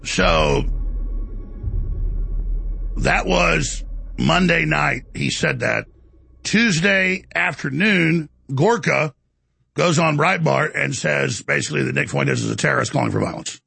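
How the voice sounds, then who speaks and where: A man's voice: a little high, slow, creaky, pauses often, sharp tone, slightly rough, no room sound, faint music behind. A man hosting a talk show, delivering political commentary in an emphatic, indignant way.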